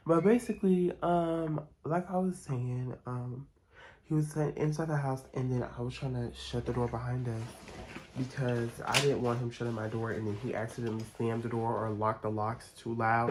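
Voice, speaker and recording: A man's voice: mid-range voice, slight background noise, poor audio. A young man chatting casually and expressively as he tells a storytime while doing his makeup, with frank, profanity-laced gossip. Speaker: vlogger.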